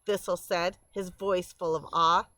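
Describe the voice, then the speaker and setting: A woman reading a storybook aloud to children, pausing to explain words and pictures in a gentle way. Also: on the low side, fairly even intonation, dry recording, low-quality recording.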